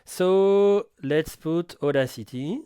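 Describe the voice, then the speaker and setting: Slow, halting French-accented man. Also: a little high, mellow, clear, resonant tone, no echo, studio quality. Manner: halting, self-correcting non-native English. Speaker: audio gear reviewer. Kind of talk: hands-on equipment tutorial.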